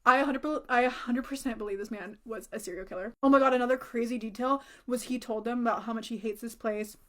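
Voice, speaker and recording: A woman's voice: on the high side, fairly even intonation, fast, a bit bright. A woman casually recounting a creepy story from a friend, talking loosely with lots of "like" and casual swearing. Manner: chatty, says "like" often, swears casually.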